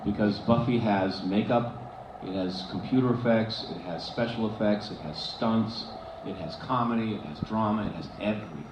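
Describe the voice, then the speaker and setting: A man answering fan questions on a convention stage, telling lively stories with many restarts and frequent laughs. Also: on the low side, normal speed. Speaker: convention panel guest. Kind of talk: casual stage Q&A storytelling. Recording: echoey hall, dull, noisy fan recording.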